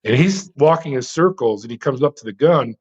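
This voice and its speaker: A middle-aged man recounts his past as a prison officer, animated and dramatic. He stumbles over fillers and restarts but keeps driving the story. The sound is a little dull and lo-fi. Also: medium pitch, a little fast, husky. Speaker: interview guest, former prison officer.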